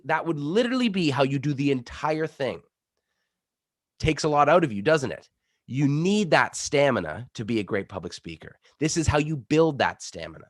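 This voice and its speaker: A man coaching public speaking, energetic and demonstrative, while he is sick. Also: normal speed. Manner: energetic, demonstrative, shifts between loud pitch demos and quieter explanation. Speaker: pitch coach. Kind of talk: coaching workshop talk.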